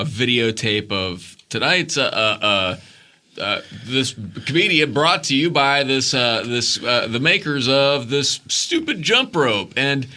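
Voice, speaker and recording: A man in casual chat who tells stories in a halting, rambling way with many fillers. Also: mid-range voice, bright, forceful tone. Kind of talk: casual chat among friends.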